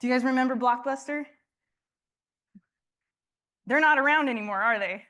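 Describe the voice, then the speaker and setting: A woman's voice: sits high, moderate pace, sharp tone. A woman giving a conference talk to a room, passionate, often restarting and asking the audience questions. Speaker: conference speaker.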